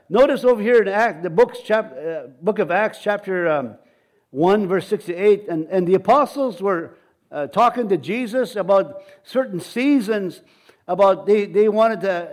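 Man, high-pitched, informal sermon, rambling, questions to congregation. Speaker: preacher.

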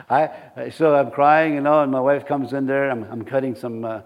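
A middle-aged man preaching a sermon in a halting, folksy way, full of fillers and restarts, with chuckling asides. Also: medium pitch, steady tone, muffled recording. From reservation community. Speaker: pastor.

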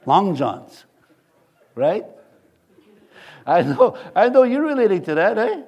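A man's voice: sits high, sing-song, slow, a little mellow, dull audio. Joking man preaching a sermon. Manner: joking and rambling, laughs often at his own stories. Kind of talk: conversational sermon. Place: church before a congregation.

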